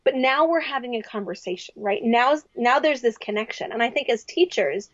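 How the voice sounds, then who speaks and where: A young adult woman speaking as a podcast guest in casual, reflective talk, animated and acting out quoted voices. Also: on the high side, normal speed, no room sound. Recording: dry, slightly dull sound.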